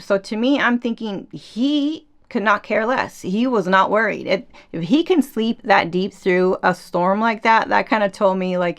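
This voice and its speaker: A woman talks through a Bible story on her podcast in a casual, chatty way. She gets animated and slips into little acted-out quotes. Her voice sits at an ordinary middle pitch. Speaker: podcast host. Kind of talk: casual faith podcast reflection.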